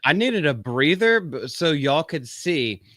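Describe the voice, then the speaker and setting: The host's voice is a little high, bright and forceful, very animated yet measured in pace, with no room sound. Running a live-stream commentary show as a podcast host, he reads quotes aloud and breaks them up with a sarcastic, profane, mocking rant.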